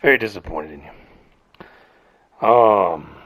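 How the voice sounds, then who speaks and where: A man's voice: on the low side, expressive, takes it slowly, no echo, phone-quality sound. A man hosting a casual morning rant show, rambling and profane. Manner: rambling, profane, self-mocking. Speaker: podcast host.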